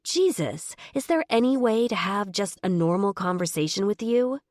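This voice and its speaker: A woman voicing a sarcastic, quick-tempered young woman photographer in her twenties. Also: medium pitch, expressive, darkish tone, dry recording, clean studio sound, pitched above the performer's own voice, lightly acted. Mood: exasperated. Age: 20s. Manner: sarcastic, exasperated.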